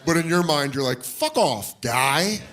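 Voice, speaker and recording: Male stand-up comic, fairly high, very lively delivery, noisy live club recording. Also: unhurried. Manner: animated, acts out voices with big jumps in pitch. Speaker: stand-up comedian. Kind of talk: stand-up storytelling. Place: comedy club stage. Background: audience laughter.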